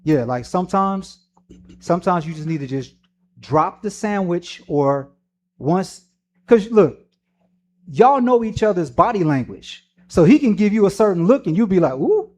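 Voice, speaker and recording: A man with a notably high voice leads a church Q&A, talking loose and slangy. He laughs a lot and slips into playful voices for people he quotes. He speaks into a microphone in a meeting room. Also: moderate pace, slight background noise. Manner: animated, slangy, laughs often, acts out quotes. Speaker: church Q&A leader. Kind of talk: casual, joking Q&A talk.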